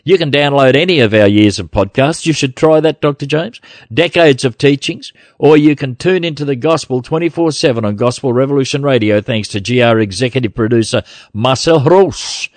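A man hosts a podcast in a blunt, combative way, laughing often. His voice sits at an ordinary pitch and is recorded dry and close. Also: a little fast, no room sound. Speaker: podcast host. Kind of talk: casual podcast chat.

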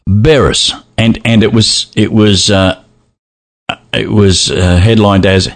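A man hosting a podcast in casual chat, animated and often laughing as he reads messages aloud. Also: lowish voice, slow pace. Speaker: podcast host.

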